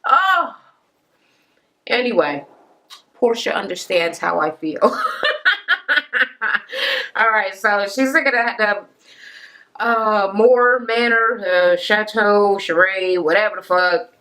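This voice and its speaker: A woman recaps a reality show in a casual, profane, sassy rant, acting out the cast members' quotes in higher voices. She speaks slowly with long pauses, in a bright, forceful tone.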